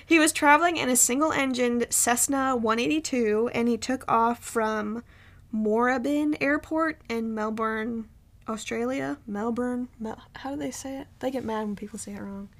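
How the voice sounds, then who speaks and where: Gravelly high-voiced woman telling a story. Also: moderate pace. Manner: rambling with frequent ums and restarts. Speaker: podcast co-host. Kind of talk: casual storytelling chat.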